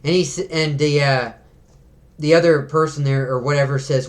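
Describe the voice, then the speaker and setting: A man's voice: fairly high pitch, steady tone, moderate pace. A man hosting a comic book video, reading a comic aloud and chatting casually with fillers and little chuckles.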